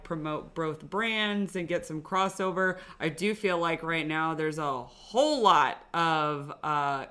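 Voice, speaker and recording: A woman co-hosting a podcast, chatting casually and gushing like an excited fan. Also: sits low. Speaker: podcast co-host. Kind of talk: casual chat.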